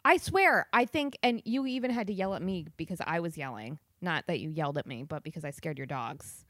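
A woman co-hosting a casual movie review, sarcastic and quick to laugh, with plenty of profanity. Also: on the low side, expressive, fairly bright tone, dry recording, studio quality. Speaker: podcast co-host.

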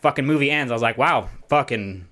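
A man's voice: mid-range voice, fairly quick, a bit bright. A man co-hosting a casual podcast, ranting bluntly and swearing about movies he disliked. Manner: blunt, profane, opinionated ranting. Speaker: podcast co-host. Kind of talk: casual chat.

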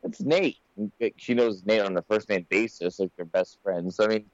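A man co-hosts a casual podcast from home, rambling and restarting his sentences often. His voice sits a little low. The sound is dry and dull, like a lo-fi mic. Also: fairly even intonation, brisk, darkish tone, no room sound. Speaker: podcast co-host. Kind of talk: casual chat.

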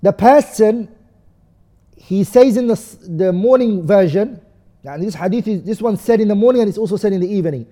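High and dark in tone, this man talks briskly as he teaches a study course, explaining texts, asking questions he then answers, and reciting set phrases in another language. Long hall reverb trails his words.

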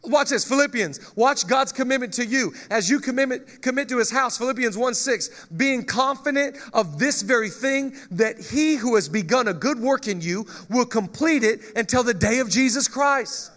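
A male pastor preaching a lively sermon, joking with the congregation and reading scripture aloud. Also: very high-pitched, moderate pace, hardly any pauses.

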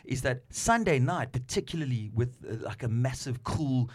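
A middle-aged male radio DJ from South Africa, with a mid-range voice, chats as a guest in a casual interview. He's animated and quick to laugh, telling stories with lively asides and slipping into put-on voices.

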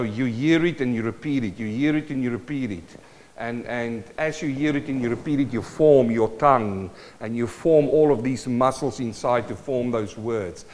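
A man's voice: medium pitch, a little mellow. A man with a South African accent preaching a sermon in a church, playful and calling out to the congregation. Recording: long church hall reverb.

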